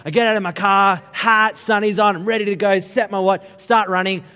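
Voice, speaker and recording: Australian man, pastor, high voice, joking storytelling sermon, long hall reverb. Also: a little fast, clear, resonant tone. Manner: lively, joking, conversational asides to the crowd.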